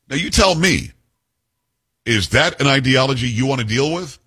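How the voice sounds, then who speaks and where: Husky, blunt male radio host. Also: medium pitch, expressive, normal speed. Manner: blunt, forceful, storytelling. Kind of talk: opinionated call-in talk radio.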